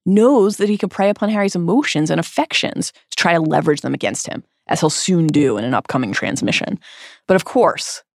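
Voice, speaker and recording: A woman hosting a podcast, reading a scripted literary analysis in an expressive, emphatic way. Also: fairly low pitch, a little fast, vocal fry, no echo, studio quality. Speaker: podcast host.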